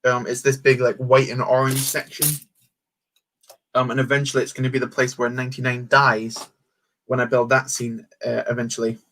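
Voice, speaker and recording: A man's voice: mid-range voice, monotone, normal speed, fairly bright tone, slight background noise. A young man chatting casually on a live stream as he builds, reading out chat messages with many fillers and restarts. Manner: rambling, reads chat aloud, many fillers.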